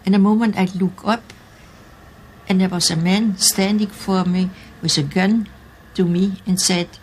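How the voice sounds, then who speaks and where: Slow, halting older woman. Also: mid-range voice, fairly even intonation, darkish tone, slight background noise. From Austria. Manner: halting, searching for English words. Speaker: interviewee, eyewitness. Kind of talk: recalled testimony in an archive interview.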